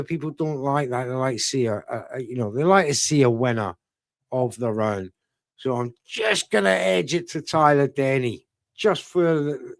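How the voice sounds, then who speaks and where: A man's voice: mid-range voice, no echo. A man giving live boxing commentary on a watchalong stream, talking casually to viewers and answering their chat. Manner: conversational, talks straight to viewers by chat name. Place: UK-based streaming setup.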